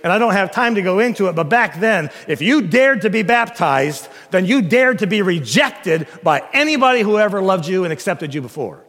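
Animated man preaching in a reverberant hall. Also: sits high, moderate pace, hardly any pauses. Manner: animated, emphatic preaching with rhetorical questions. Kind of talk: sermon.

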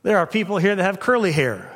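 A man preaching a sermon as pastor, dramatic, swinging from loud emphasis to near whispers. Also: high-pitched, expressive, quick pace, in a large hall.

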